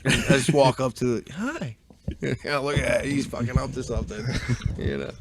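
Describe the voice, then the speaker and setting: Profane, animated Philly-storyteller man. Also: medium pitch, normal speed, heavy background noise. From Delaware County, Pennsylvania. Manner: profane, animated, acts out voices in anecdotes. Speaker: podcast guest. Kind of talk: casual storytelling chat.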